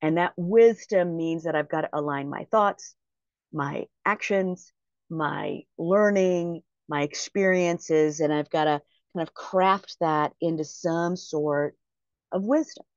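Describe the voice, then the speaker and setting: A woman giving a motivational talk, speaking slowly and deliberately and repeating phrases for emphasis. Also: deep voice, no echo. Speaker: prosperity mindset speaker. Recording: dry, slightly muffled recording.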